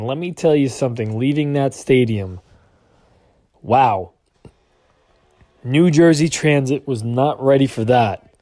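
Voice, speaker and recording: A man's voice: fairly high pitch, a little mellow, dry recording. Emphatic, swearing male podcast host. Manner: ranting storyteller, repeats points for emphasis, swears. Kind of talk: casual chat.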